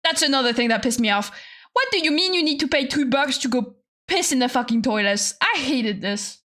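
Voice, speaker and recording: A woman's voice: high voice, animated, brisk, fairly bright tone. A young adult woman streamer telling stories in a casual, profane, exasperated rant, laughing often.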